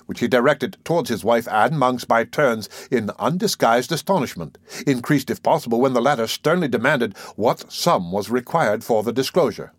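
Male narrator for a classic novel; steady, measured, dry studio read. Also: medium pitch, dry recording. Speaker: audiobook narrator.

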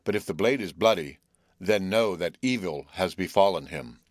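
A grave old man of a storybook speaks in a slow, knowing way, as a male reader puts him on. His voice sits a little above the reader's own low tone. He is polite and measured. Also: animated, dry recording, studio quality. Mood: solemn.

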